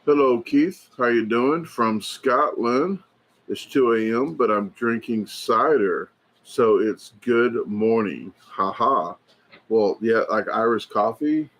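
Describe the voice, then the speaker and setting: A man hosting a casual livestream, rambling and chatty as he reads viewer comments aloud, filling pauses with lots of fillers and restarts. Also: mid-range voice, fairly bright tone. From United States. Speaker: livestream host. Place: indoors at a hobby shop.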